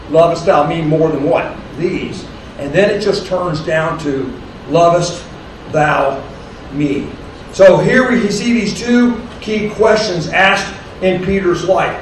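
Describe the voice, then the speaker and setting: A man preaching a sermon, reading scripture slowly and deliberately, then explaining it to a congregation. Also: high voice, a little hiss or hum. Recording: distant, very echoey room with faint ambience.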